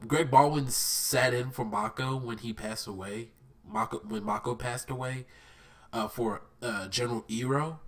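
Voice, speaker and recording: A man with a blocked-up, stuffy nose talks through a casual fan review in a middle-pitched voice. He rambles with eager, nerdy excitement. His voice sits a little back from the microphone. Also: far from the mic. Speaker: vlogger reviewing a cartoon.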